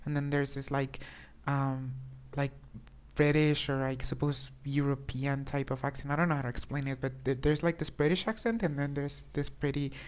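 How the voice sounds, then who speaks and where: Casting: woman streamer, low-pitched, chatty and hesitant, game commentary. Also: fairly even intonation, normal speed. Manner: chatty, hesitant, many restarts. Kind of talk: casual gameplay commentary.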